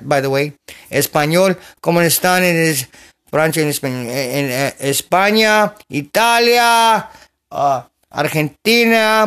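A high-pitched man rambles through a loose, jokey podcast, recorded on a phone in a bedroom. He jumps from topic to topic and now and then breaks into a shout. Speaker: podcast host. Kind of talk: rambling casual podcast chat. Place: a bedroom at home.

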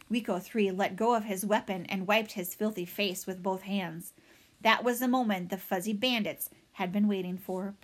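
A woman narrating a children's novel aloud in an expressive, dramatic way. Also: mid-range voice. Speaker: audiobook reader. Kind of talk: storybook narration.

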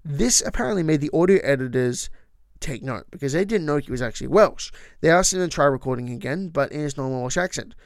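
A man's voice: a little high, animated, fast talker, no room sound, clean studio sound. A man hosting a podcast, talking casually and with opinions about trivia, with frequent asides. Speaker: podcast host.

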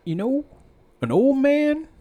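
Guy playing a rambly old fight coach, high and bouncy voice, all "you know"s. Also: very animated, takes it slowly, warm tone, full character voice. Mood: sly. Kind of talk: tabletop role-play.

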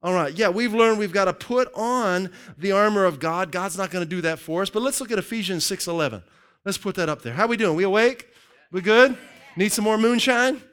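A man preaching a sermon to his congregation in an energetic, joking way that keeps calling out to the crowd. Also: sits high, brisk, smooth. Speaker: pastor.

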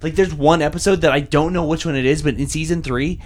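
A man's voice: fairly high pitch, quick pace, slight background noise. A young man in casual chat with friends, animatedly retelling cartoon scenes and swearing freely. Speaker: friend in conversation.

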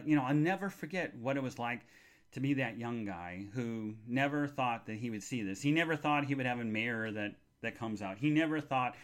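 A middle-aged man hosting a live podcast, rambling excitably and squealing at the high points. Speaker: podcast host.

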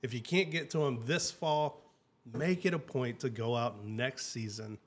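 A man's voice: medium pitch, unhurried, breathy edge. An upbeat man hosting a travel talk show, speaking in a casual and chatty way. He often repeats and restarts his phrases as he tells his story. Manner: enthusiastic, chatty, many fillers and restarts.

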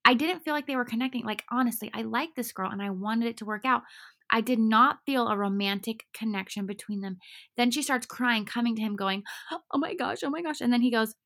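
Woman, fairly high voice, chatty, animated, casual recap talk. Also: a little fast. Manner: chatty, animated, lots of fillers. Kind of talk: casual chat recapping a dating show.

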